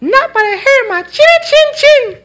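A man voicing a defiant little pig in a squealing falsetto while telling a children's story in a sermon. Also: lively intonation, normal speed, sharp tone, heavily acted.

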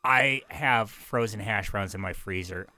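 A man's voice: on the low side, unhurried, bright, forceful tone, no echo. A man co-hosting a podcast, telling rambling stories in casual chat and swearing often. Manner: profane, rambling storyteller. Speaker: podcast co-host.

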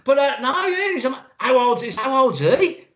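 A man co-hosting a casual film podcast, excitable and quick to exclaim. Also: very high-pitched. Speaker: podcast co-host. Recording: dull lo-fi sound.

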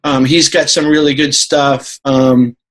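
A man's voice: medium pitch, level tone, a little slow, fairly bright tone, rough recording. A man from New York, a podcast guest, talking in a rambling, casual way with lots of fillers and laughing asides.

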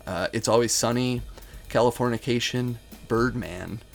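Man with a gravelly voice, casual chat. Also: mid-range voice, moderate pace, faint music behind. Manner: easygoing, hesitant with ums. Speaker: podcast co-host.

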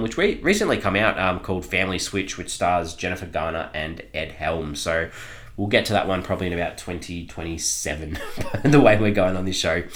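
A man's voice: sits low, a bit bright. A man co-hosting a podcast, reviewing a film in casual chat, rambling with lots of ums and frequent laughter. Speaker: podcast co-host reviewing films.

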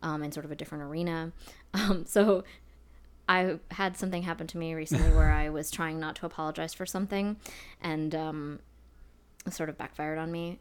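A woman's voice: low voice, steady tone, brisk, clean tone. A woman co-hosting a podcast in casual chat, chatty and self-deprecating, laughing often. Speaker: podcast co-host.

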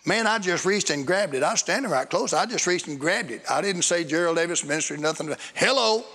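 Man preacher, gravelly, storytelling, big hall reverb. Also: on the high side. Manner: storytelling, rising to excited bursts. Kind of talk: sermon. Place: church hall. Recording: echoey hall.

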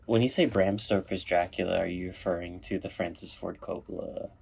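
A man's voice: sits low, fairly even intonation, fairly quick, vocal fry, a little mellow, husky. A young man hosting a podcast, rambling jokily with lots of fillers. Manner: rambling, filler-heavy, jokey. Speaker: podcast host. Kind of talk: casual chat.

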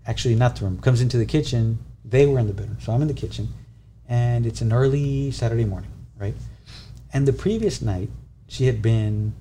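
A man in his thirties tells a story in casual conversation, his voice mellow and relaxed. He gets animated, acting out the back-and-forth and laughing along. A faint hiss sits under the recording. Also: on the low side. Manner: animated, acts out dialogue, laughs while telling.

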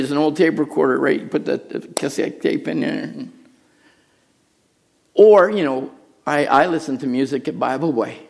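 A middle-aged man preaching a sermon as pastor, telling a story with hushed asides and raised, urgent lines. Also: a little high, vocal fry. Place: church.

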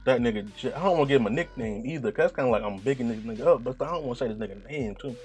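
A man with a deep voice talking in a rambling, profane, laid-back monologue, often laughing at himself. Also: racing, a little mellow, soft background music. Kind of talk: casual monologue.

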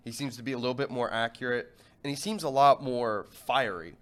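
A man's voice: mid-range voice, brisk. A man co-hosting a sports talk radio show, chatting casually in banter.

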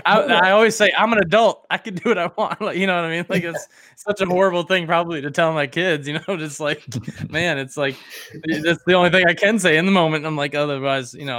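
A man's voice: fairly high pitch, sharp tone, no room sound. A man hosting a casual podcast, chatty and self-mocking, with lots of fillers. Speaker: podcast host.

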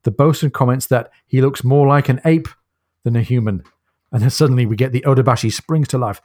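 A man's voice: mid-range voice, a little fast, a little mellow, no room sound, studio quality. A man co-hosting a casual book podcast, recounting the story with enthusiasm and frequent laughs. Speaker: podcast co-host.

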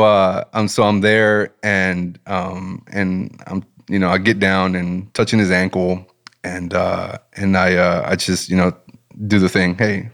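A lower-pitched man speaks in a casual interview, telling his story with growing enthusiasm. He sounds relaxed and heartfelt, rising in pitch as he gets excited. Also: creaky. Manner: animated, enthusiastic storyteller, relaxed and faith-centered. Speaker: business owner and guest.

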